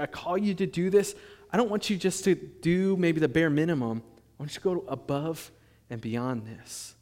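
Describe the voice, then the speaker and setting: A man preaching a sermon, reading scripture and acting out quoted voices with rising emphasis. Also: a little high. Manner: animated, acts out quoted voices, rises loud when emphatic. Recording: long hall reverb.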